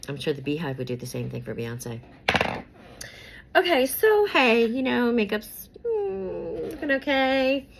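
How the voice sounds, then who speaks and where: A woman's voice: sits high, very animated, a little slow, gravelly, background noise. A woman chatting casually about celebrity gossip while doing her makeup, rambling with many fillers and repeats, and sometimes whispering names as she pulls cards.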